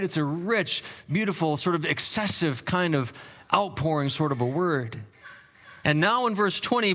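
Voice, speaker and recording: Earnest, slightly high-voiced preacher. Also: male voice, sharp tone. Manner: earnest, explains word meanings with many restarts. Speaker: pastor. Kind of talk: expository sermon.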